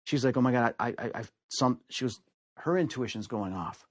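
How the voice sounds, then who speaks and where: A man from the United States telling a personal story in an animated way, acting out the voices of the people in it. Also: moderate pace, no echo. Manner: acts out quoted voices with big pitch swings. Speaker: storyteller guest.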